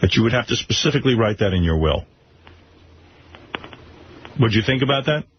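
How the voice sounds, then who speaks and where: A man's voice: mid-range voice, lively intonation, brisk. A man hosting a radio talk show, bantering wryly with callers and co-hosts. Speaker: radio host. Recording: muffled radio broadcast with faint hiss.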